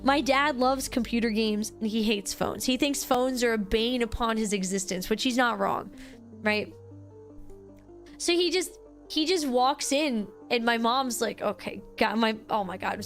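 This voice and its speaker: Excitable high-voiced young woman streamer. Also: a little slow, faint music behind. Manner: animated, excitable, lots of restarts and "like". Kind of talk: casual storytelling to stream chat.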